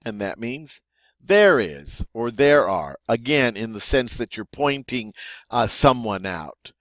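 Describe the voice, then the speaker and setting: Slow, lively-voiced male teacher. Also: medium pitch, dry recording, studio quality. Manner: slow, repeats each word twice. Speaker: French teacher. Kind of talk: vocabulary lesson.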